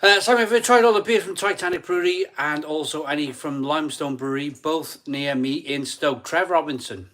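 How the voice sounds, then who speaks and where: A man's voice: on the high side, a little fast, hardly any pauses, a bit bright. A middle-aged man from England hosting a casual live stream, chatty and eager, often restarting his sentences. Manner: chatty, stumbling restarts, eager pleas for likes.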